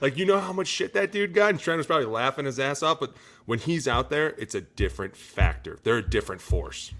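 A middle-aged man, a former pro lineman co-hosting a casual sports podcast, talking in an animated, profane way. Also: mid-range voice, fairly quick. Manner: animated, profane, breaks into loud impressions.

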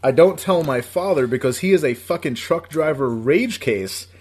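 A man's voice: a little high, animated, normal speed, a little mellow, breathy edge. A man from upstate New York telling a long story in casual chat, profane and rambling, laughing as he goes.

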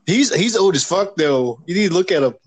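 A man in a relaxed casual chat who laughs often. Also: high-pitched, a little fast, breathy edge.

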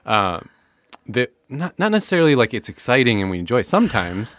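A man's voice: medium pitch, sing-song, brisk, a bit bright, no echo. A man hosting a podcast in casual chat, easygoing, laughing often and trailing off mid-sentence. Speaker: podcast host. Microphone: studio microphone.

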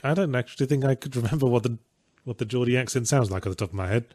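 A man's voice: medium pitch, rapid-fire, a little mellow, no room sound. A man co-hosting a casual stream, reading out donations with dry, wry asides.

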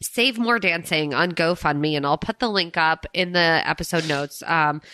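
Bubbly woman podcast host, bright voice. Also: deep voice, moderate pace, dry recording. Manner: bubbly, effusive. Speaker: dance fitness instructor. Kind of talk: casual chat.

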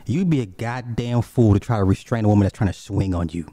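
A man hosting a call-in podcast, talking in blunt, casual, profane commentary and telling animated stories with frequent asides. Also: on the low side, quick pace, no room sound, studio quality. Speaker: podcast host.

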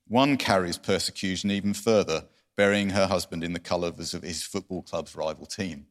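A man in a book discussion, speaking in a measured, reflective way. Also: low voice. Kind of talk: reading a review, then casual discussion.

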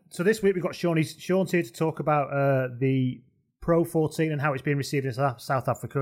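A man with a fairly high voice hosts a casual podcast. He is jokey and rambles along, reading out listener notes in the same loose way he chats. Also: darkish tone. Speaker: podcast host.

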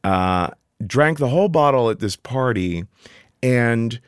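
A middle-aged man telling a personal story in casual conversation as a podcast guest, animated and jumping up in pitch when he quotes himself. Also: clear, resonant tone, dry recording, studio quality.

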